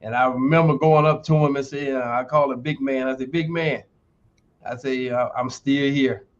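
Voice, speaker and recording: With a medium-pitched, steady voice at normal speed, a sixty-something retired football player and university lecturer tells stories as a podcast guest. He sounds emphatic and folksy like a motivational coach, over dull audio.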